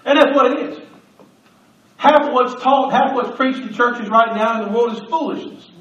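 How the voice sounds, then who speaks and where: A man's voice: extremely high pitch, moderate pace, fairly bright tone, a little hiss or hum. A man preaching a sermon, emphatic and conversational with touches of humor. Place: church. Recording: echoey church, distant mic, slightly dull.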